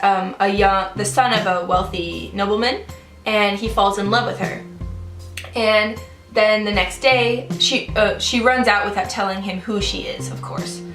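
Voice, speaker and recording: A woman's voice: mid-range voice, a bit bright. A young woman casually reviewing a book and retelling a fairytale in a loose, chatty way full of "like" and "um". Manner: chatty, loose, many fillers like "like" and "um". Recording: roomy room with music in the background.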